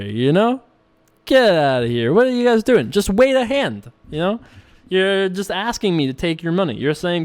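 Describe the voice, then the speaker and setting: A man's voice: high-pitched, very animated, unhurried. A man casually commentating his own online poker session, joking and laughing often. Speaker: poker streamer.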